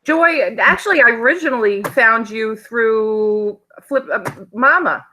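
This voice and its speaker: A woman's voice: a little high, unhurried, pushed and bright, slight background noise, rough recording. A woman with a Long Island New York accent, a guest chatting casually on a livestream, direct and emphatic.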